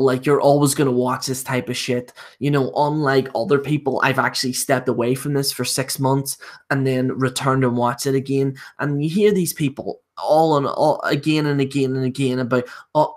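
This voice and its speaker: A young man talks in a casual livestream rant, blunt and dismissive, swearing freely. His voice sits at an ordinary middle pitch. He reviews a wrestling event with plenty of fillers.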